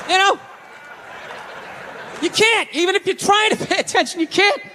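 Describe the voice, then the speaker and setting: A man's voice: very high-pitched, sing-song, a little fast, bright, forceful tone. A male stand-up comedian doing a routine on a stage in a large hall, in a ranting, exasperated and profane way. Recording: reverberant hall, faint noise.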